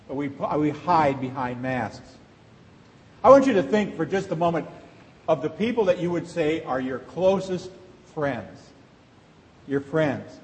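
A man's voice: on the high side, darkish tone. A middle-aged man, a pastor, preaching a sermon to his congregation in a conversational way, asking the room rhetorical questions. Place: church sanctuary. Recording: long reverb of a large church hall.

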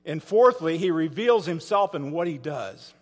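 A man's voice: on the high side, lively intonation, moderate pace, big-room sound. A man preaching a sermon as pastor, telling a story dramatically and asking his listeners rhetorical questions.

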